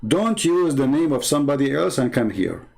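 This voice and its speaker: A man hosting a live-stream debate, speaking at a medium pitch with a sarcastic, scolding edge. He is emphatic and stops now and then to read viewers' comments. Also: big pitch swings, normal speed, creaky, darkish tone. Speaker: online religious debater.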